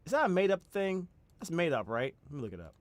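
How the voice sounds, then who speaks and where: A man's voice: on the high side, big pitch swings, fast, no room sound. A man reacting to a video in casual commentary, incredulous and stammering, often laughing.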